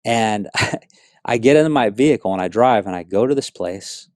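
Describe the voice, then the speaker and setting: A man from South Florida telling his personal faith testimony in an earnest, animated storytelling way, full of asides. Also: lowish voice, normal speed, no room sound, clean studio sound. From South Florida, USA. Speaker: speaker giving a personal testimony.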